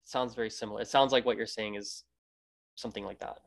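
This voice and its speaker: A man's voice: on the low side, fairly even intonation, fast, creaky. A Canadian man hosting a casual interview, rambling with many restarts. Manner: rambling, many restarts, acts out quoted greetings. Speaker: podcast host.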